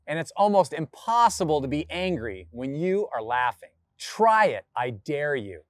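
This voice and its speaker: A firefighter reading a picture book aloud to children in a playful, animated way. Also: male voice, on the high side, no room sound, clean studio sound. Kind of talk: children's storybook read-aloud.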